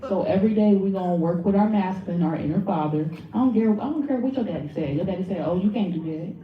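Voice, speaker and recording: A woman giving a blunt, animated workshop talk to a live audience, swearing freely and speaking straight to the crowd. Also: mid-range voice, fast talker. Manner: blunt, profane and animated, addresses the audience directly. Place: lecture room with an audience. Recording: phone-like audio from far in an echoey room.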